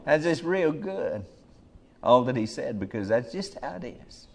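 Brief: male preacher mid-sermon, emphatic, drops soft, then rises loud and urgent. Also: medium pitch, big pitch swings, a little slow, creaky. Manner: emphatic, swings between soft murmurs and loud urgent calls.

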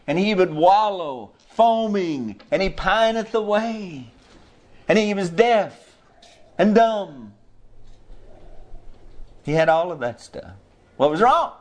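A fairly high-voiced man delivers a fervent sermon. He drops low for emphasis, then rises into loud, pleading cries. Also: expressive, slow, long pauses. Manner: impassioned, rises to high cries when quoting. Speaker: pastor.

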